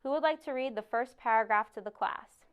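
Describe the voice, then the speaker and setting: A woman's voice: on the high side, a little fast, smooth, lo-fi sound, close to an everyday voice. A woman voicing a patient female schoolteacher speaking politely to her class.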